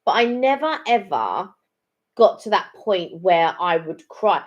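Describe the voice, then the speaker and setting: Her voice sits in the mid-range, very animated but at a measured pace, with the highs cut off. She's a middle-aged co-host of a live chat stream, chatting casually and wandering through stories with plenty of ums and false starts.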